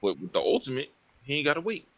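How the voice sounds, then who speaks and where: Man, podcast co-host, husky voice, blunt, emphatic, profane, dull lo-fi call sound. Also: medium pitch, huge pitch swings, quick pace, fairly bright tone. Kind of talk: casual gaming podcast chat.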